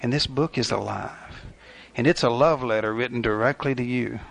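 A man's voice: medium pitch, normal speed, creaky. An older man preaching a sermon in a folksy, conversational way, acting out little asides. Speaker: pastor.

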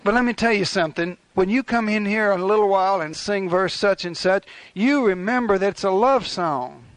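A man's voice: sits high, fairly quick, dry recording. An older man preaching a sermon in a folksy, conversational way, acting out little asides. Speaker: pastor.

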